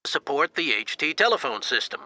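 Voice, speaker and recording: A bright-voiced customer holding back anger. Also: male voice, on the high side, very animated, fairly quick, dry recording, exaggerated voice, poor audio. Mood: restrained annoyance. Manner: polite, restrained, tense. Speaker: customer calling to complain. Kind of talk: scripted course audio dialogue.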